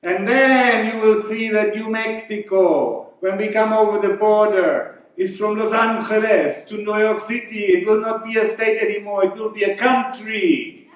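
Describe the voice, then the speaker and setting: A man voicing a boisterous, mocking Mexican man in a sombrero, with a mock Spanish accent and drawn-out sing-song calls. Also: sits high, steady tone, voice pushed up. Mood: taunting, boisterous. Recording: echoey hall from far off.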